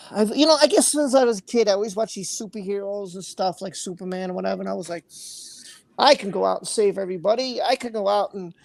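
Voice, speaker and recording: Man, livestream host, gravelly voice, earnest and emotional, dry close sound. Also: high voice, a little mellow, no room sound. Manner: earnest and emotional, swears freely, repeats phrases. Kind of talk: emotional livestream chat, reading comments aloud.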